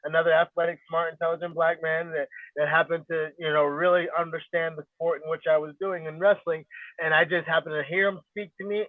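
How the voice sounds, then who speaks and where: A man's voice: fairly high pitch, dry recording. A man, a guest fighter in a casual interview, talking confidently and rambling with lots of fillers. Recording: tinny phone-like line, dry.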